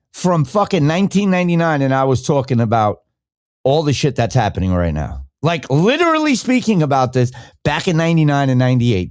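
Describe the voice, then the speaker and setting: A middle-aged man riffing loosely on a live podcast, swearing freely and jumping from point to point. His pitch swings widely as he gets worked up, and the sound is close and dry with no room around it. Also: darkish tone, no room sound. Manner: profane, rambling, fired-up and opinionated. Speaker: podcast host. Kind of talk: casual live-stream rant.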